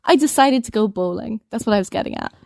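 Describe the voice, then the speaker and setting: A woman's voice: fairly high pitch, fast talker, gravelly, mellow, no echo, clean studio sound. A young woman in her twenties co-hosting a podcast, rambling through a story in casual chat and laughing often. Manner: giggly, rambling, laughs often mid-sentence. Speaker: podcast co-host telling a story.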